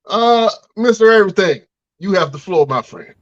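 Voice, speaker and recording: An excitable male podcast host introduces wrestling promos and reacts like a hype man. His slightly high voice swings up and down a lot. The audio is dull and lo-fi. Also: moderate pace. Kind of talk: hyped podcast hosting.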